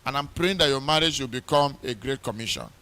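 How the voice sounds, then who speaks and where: Pastor preaching with rising force. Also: male voice, medium pitch, expressive, fast talker, sharp tone. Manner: emphatic preaching, reads scripture aloud with rising force; repeats words for emphasis, many "uh" fillers. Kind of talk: wedding sermon. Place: church.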